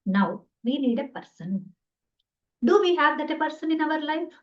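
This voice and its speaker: A woman's voice: sits high, sing-song, moderate pace. A woman gives an earnest spiritual talk as a teacher, asking many rhetorical questions. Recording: dull lo-fi sound.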